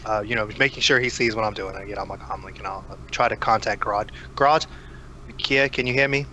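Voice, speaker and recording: A man's voice: on the low side, fairly quick, bright, forceful tone, a little hiss or hum. A man playing a tabletop role-playing game, talking casually and hesitantly with lots of ums and occasional swearing. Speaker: player.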